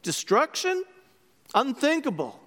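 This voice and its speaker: A man preaching a sermon as a priest, telling stories in an animated way and acting out their voices. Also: very high voice, slow. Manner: animated storytelling, acts out voices. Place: church. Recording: long church reverb.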